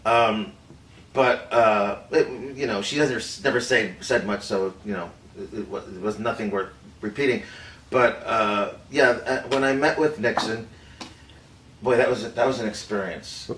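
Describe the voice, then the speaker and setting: An actor playing an older film director who recalls a secret White House meeting, telling it haltingly with many fillers and restarts. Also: male voice, fairly low pitch, a bit bright. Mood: hesitant. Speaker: actor in a staged confession. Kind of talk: rehearsed improvised storytelling. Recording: roomy, distant mic, faint room noise.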